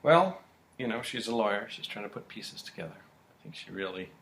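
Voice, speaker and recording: A low, gravelly man's voice with a bright edge, recapping soap-opera episodes casually. He tells it with lots of pitch movement and acts out the quotes. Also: fairly quick. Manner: animated storytelling, acting out quotes. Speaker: podcast co-host.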